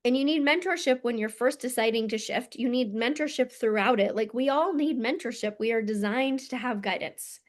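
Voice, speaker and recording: A woman's voice: on the high side, normal speed, few pauses. A woman mentor talking earnestly and emphatically to camera, with casual swearing. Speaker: mentor and coach. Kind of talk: motivational monologue to camera.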